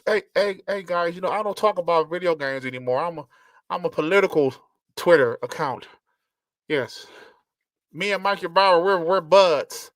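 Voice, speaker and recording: A man's voice: high voice, moderate pace, no room sound, natural voice. A man putting on a mocking voice of a whiny, sulking male online gaming critic. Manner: mocking, exaggerated whine.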